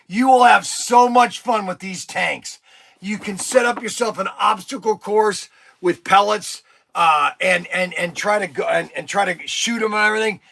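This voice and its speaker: A man hosting a toy shop live stream, an excitable pitchman who rambles and breaks into shouts, his voice strained from days of nonstop talking. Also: normal speed, vocal fry, slight background noise. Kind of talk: casual live-stream sales talk. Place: inside a toy shop among shelves.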